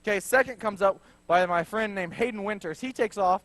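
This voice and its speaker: A young man in his twenties gives a sermon in a church. He tells it as a joking personal story and often drops into low, wry asides. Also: a little fast, fairly bright tone, no room sound. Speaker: preacher.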